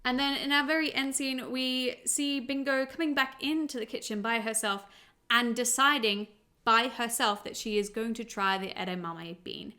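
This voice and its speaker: An Australian parent and show reviewer breaks down a cartoon episode in a casual vlog, chatty, upbeat and quick to laugh. Her voice is a little high with a sharp tone.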